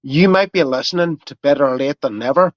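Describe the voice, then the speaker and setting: A man voicing a prank caller in a put-on Belfast accent, leaving a deadpan, teasing voicemail. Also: on the high side, a little fast, no echo, close to an everyday voice. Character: caller faking a Northern Irish accent. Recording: dull lo-fi voicemail audio.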